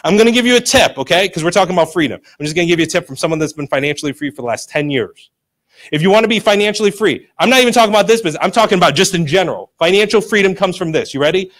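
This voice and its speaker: A business seminar presenter speaks very fast with lively intonation and a fairly bright tone. Pitching motivation to a live audience, he hammers key phrases, quizzes listeners, teases them into keeping pace and pushily tells them to stop.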